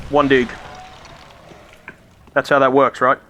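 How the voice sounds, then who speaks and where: Slow-talking bright-voiced male gamer. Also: medium pitch, expressive, vocal fry, a little hiss or hum. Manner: joking, laughs often. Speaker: gaming streamer. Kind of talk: casual let's-play commentary.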